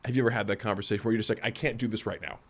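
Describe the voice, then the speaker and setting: A man's voice: fairly low pitch, fairly even intonation, racing, slightly rough. A man hosting a podcast in casual chat, rambling and self-deprecating, acting out other people's lines as he tells stories. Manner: rambling and self-deprecating, acts out quoted voices. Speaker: podcast host.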